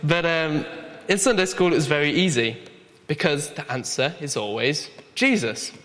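A man's voice: a little high, moderate pace, a bit bright. A young man preaching a sermon in an earnest, conversational way with light humor. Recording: long hall reverb.

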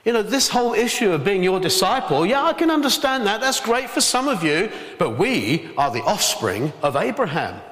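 A man's voice: sits high, big pitch swings, normal speed, hardly any pauses, a bit bright. A man voicing an indignant crowd challenging a teacher with incredulous questions, in a reverberant hall. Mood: dismissive.

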